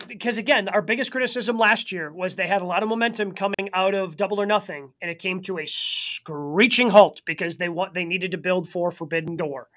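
A co-host in a casual wrestling chat, talking fast and chatty with frequent restarts. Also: medium pitch, fairly bright tone. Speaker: podcast co-host.

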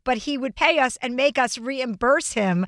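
A woman in her forties hosts a podcast, teasing and quick-witted, laughing often. Her voice is bright and fairly high, recorded close and dry. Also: animated, dry recording. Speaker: podcast host. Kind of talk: casual podcast chat.

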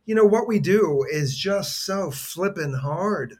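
A man's voice: high-pitched, expressive, slow, breathy edge. A middle-aged man, an actor guest on a podcast, telling personal stories in an earnest, heartfelt way with many restarts. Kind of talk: conversational storytelling.

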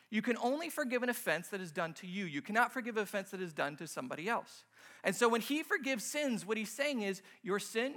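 Bright, high-voiced young male preacher. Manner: casual, joking, acts out little scenes. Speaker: pastor. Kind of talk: sermon.

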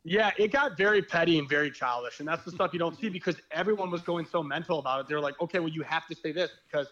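A man's voice: fairly high pitch, fast, a bit bright, dull audio. A young man, a podcast guest, telling stories in a candid, rambling way with slang and the odd swear word. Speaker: podcast guest, former reality show contestant. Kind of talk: casual podcast chat.

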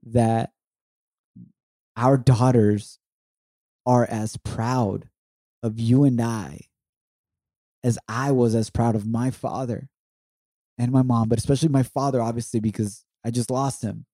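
Heartfelt man with a dark voice. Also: mid-range voice, fairly even intonation, unhurried, long pauses, no room sound. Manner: heartfelt, reflective, mixes in Spanish words. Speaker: podcast co-host. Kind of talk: emotional personal testimony.

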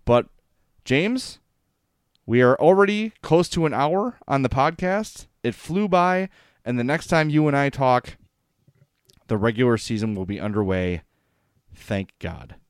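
Chatty sports podcast host. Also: male voice, mid-range voice, lively intonation, measured pace, smooth, dry recording, clean studio sound. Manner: enthusiastic, chatty, gets choked up. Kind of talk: casual sports podcast chat with sponsor reads.

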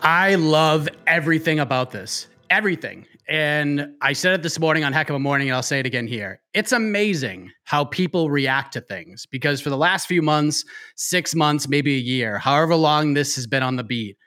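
Brash high-voiced man panelist. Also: animated, moderate pace, bright, forceful tone, soft background music. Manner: brash, emphatic, repeats for effect. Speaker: show creator and panelist. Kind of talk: hyped trash talk and fight analysis.

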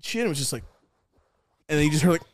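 Young podcast dude rambling thru a crazy camping story, cussing a lot, kinda high voice. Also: male voice, quick pace, noisy background. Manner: rambling, profane, animated storytelling with loud acted-out quotes. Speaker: podcast co-host. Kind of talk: casual storytelling chat.

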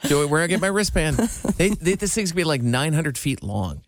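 A man's voice: fairly high pitch, very animated, fast talker, no room sound, clean studio sound. A man co-hosting a casual radio show, chatting in an easygoing, playful way. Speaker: radio co-host.

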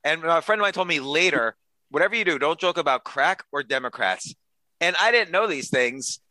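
A man's voice: fairly high pitch, animated, fairly quick, bright, forceful tone, dry recording, poor audio. A man guest on a podcast, an author and comedian, telling chatty self-deprecating stories with quoted dialogue. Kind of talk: casual storytelling interview.

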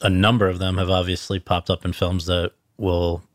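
A man's voice: deep voice, flat delivery, normal speed, no echo. A man hosting an interview, setting up his questions with long lead-ins. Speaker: interviewer host.

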